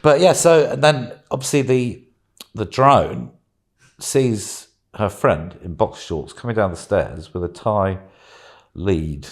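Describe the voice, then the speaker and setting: A British man chatting casually, telling an animated anecdote and acting out voices. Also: fairly low pitch, slow. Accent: British English. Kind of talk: casual storytelling chat.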